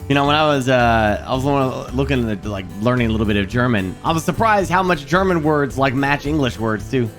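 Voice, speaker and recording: A man streaming a video game, chatting casually in a rambling, animated way. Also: mid-range voice, fairly quick, hardly any pauses, faint music behind. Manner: rambling and animated, lots of fillers and restarts. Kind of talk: casual chat while playing a video game.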